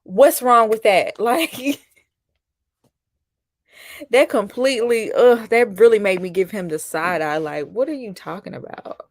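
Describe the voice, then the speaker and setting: A woman's voice: medium pitch, moderate pace, hardly any pauses, dry recording. A woman, hosting a casual live-stream reality-show commentary and chatting with viewers. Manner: chatty, reacts to viewer comments, mimics people mockingly. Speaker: host.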